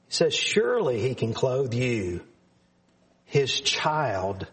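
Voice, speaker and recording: A man preaching a sermon to his congregation in an earnest, emphatic way, repeating phrases for stress. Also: medium pitch.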